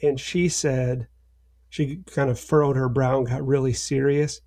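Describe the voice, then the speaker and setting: A man co-hosting a podcast, giving mock-serious advice in a deadpan way. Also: mid-range voice, unhurried. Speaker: podcast co-host. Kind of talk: bantering podcast chat.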